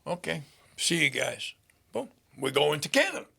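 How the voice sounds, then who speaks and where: An older man, a podcast guest, telling a story in casual talk with lots of swearing and animated delivery. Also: fairly high pitch, normal speed, vocal fry, slightly rough.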